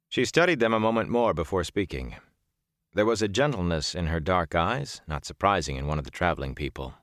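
A man narrating a fantasy audiobook in a measured, steady storytelling manner. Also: low-pitched, dry recording, clean studio sound.

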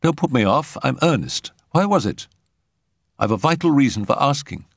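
A man's voice: medium pitch, lively intonation, normal speed, gravelly, dry recording, clean studio sound, voice pushed up. A man voicing an agitated, earnest young man who fears he is losing his mind, in a storybook reading. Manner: tense, pleading, insistent. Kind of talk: audiobook character reading.

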